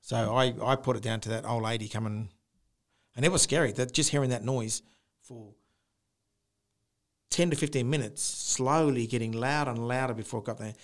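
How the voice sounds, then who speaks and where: Animated man telling a ghost story. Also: medium pitch, normal speed. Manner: animated storyteller, mimics the noise with rising howls. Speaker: podcast co-host. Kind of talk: casual storytelling.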